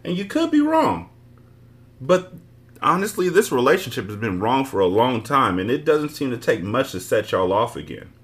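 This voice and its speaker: A man's voice: medium pitch, expressive, normal speed, a bit bright. A man hosting a book podcast, reading a novel aloud with blunt, profane asides. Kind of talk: casual book reading with commentary.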